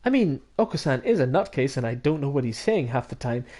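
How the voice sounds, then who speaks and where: Animated man reading a game aloud. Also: mid-range voice, brisk. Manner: laughs often, animated asides. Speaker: streamer. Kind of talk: reading a visual novel aloud on stream.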